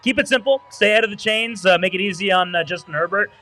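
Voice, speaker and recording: A man's voice: high voice, quick pace, bright, forceful tone. A man giving his football picks in upbeat, casual banter, laughing often, outdoors at a parade. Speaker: panelist picking football games.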